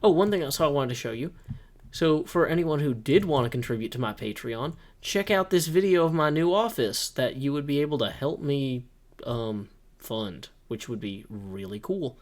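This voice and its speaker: A man's voice: mid-range voice, normal speed. Rambling, joking man narrating gameplay. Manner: rambling, self-deprecating, lots of fillers and jokes; excited, upbeat office tour. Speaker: host. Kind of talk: casual Minecraft gameplay commentary.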